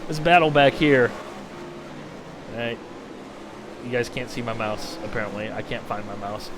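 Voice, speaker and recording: A man's voice: medium pitch, moderate pace, fairly bright tone, slight background noise. A man from the Midwest chatting casually and rambling as he streams a racing sim, poking fun at himself. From American Midwest. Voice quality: rambling and self-mocking. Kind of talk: casual live-stream chat.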